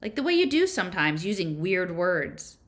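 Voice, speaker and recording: A woman's voice: lowish voice, sing-song, normal speed. Woman doing a sullen, awkward teenage boy.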